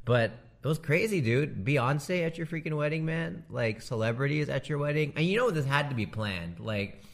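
A man doing a casual comedic monologue, animated and slangy, laughing often as he riffs. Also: fairly high pitch, moderate pace.

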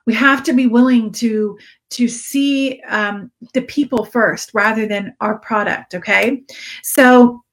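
A woman's voice: a little high, steady tone, slow pace, a bit bright. A woman giving an earnest, encouraging live-stream coaching talk to her direct sales audience, repeating key phrases for emphasis. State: briefly teary-eyed.

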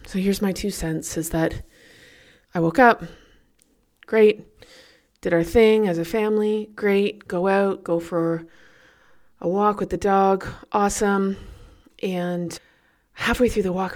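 A woman hosting a leadership podcast, telling a personal story in a chatty, animated way and laughing at herself now and then. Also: medium pitch, unhurried, pauses often. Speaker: podcast host.

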